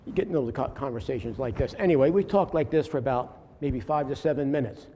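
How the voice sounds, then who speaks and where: A man telling his congregation a faith story in an earnest, halting way, often restarting his sentences. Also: medium pitch, warm tone. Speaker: lay preacher sharing a testimony. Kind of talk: informal church testimony. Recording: long hall reverb, faint room noise.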